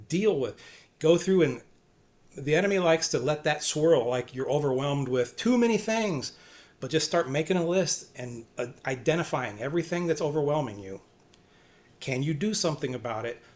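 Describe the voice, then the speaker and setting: A man giving an earnest, self-encouraging faith talk, repeating short phrases and often trailing off softly. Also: medium pitch. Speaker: faith vlogger. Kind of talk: personal faith talk to camera.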